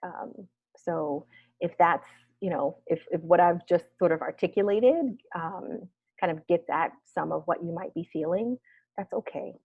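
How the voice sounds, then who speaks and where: A woman therapist leading a wellness workshop discussion, speaking gently and reflectively and often checking in with "right?". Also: fairly low pitch, a little slow, breathy edge, no room sound. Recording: dull lo-fi video call audio.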